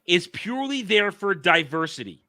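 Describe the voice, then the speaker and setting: Bright-voiced sarcastic male podcast host. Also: normal speed. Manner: sarcastic, animated, mocking quotes in a shrill voice. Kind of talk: casual commentary chat.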